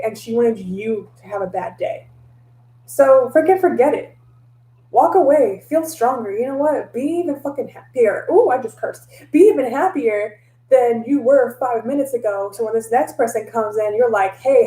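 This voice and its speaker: A woman telling stories in a casual vlog, animated and laughing often, slipping into voices for her own past lines. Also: a little high, moderate pace, reverberant, rough recording. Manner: laughs often, mixes in mild cursing. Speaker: tarot reader and vlogger.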